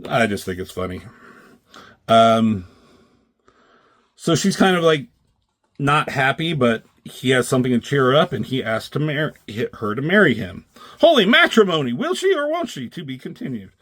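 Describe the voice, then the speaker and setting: A man's voice: medium pitch, expressive, normal speed, long pauses, a bit bright, no echo. Casual swearing male comic reviewer, dry sound. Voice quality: swears freely, filler-heavy rambling. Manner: acts out characters' lines in raised voices. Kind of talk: casual chat reading comic strips aloud.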